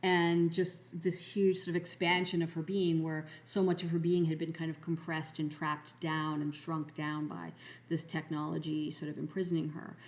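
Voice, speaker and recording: A woman's voice: sits low, flat delivery, moderate pace. A woman hosting a podcast, telling a spiritual story in a rambling way, full of fillers and restarts. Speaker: podcast host.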